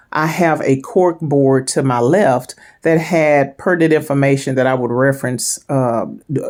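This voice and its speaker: A woman giving a personal devotional reflection, speaking thoughtfully with frequent pauses, fillers and restarts. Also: rumbling low, darkish tone. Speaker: devotional vlogger.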